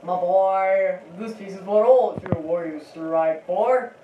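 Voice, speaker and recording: A woman's voice: medium pitch, slow pace, dull audio, natural voice. A woman doing a solemn old warrior chief. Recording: roomy, distant mic, faint background noise.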